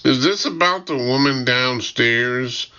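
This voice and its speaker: A man's voice: mid-range voice, slow pace, sharp tone, clean tone, highs cut off, pitched above the performer's own voice. A man voicing a weary, impatient woman medical examiner who talks in a terse, exasperated way. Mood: irritated.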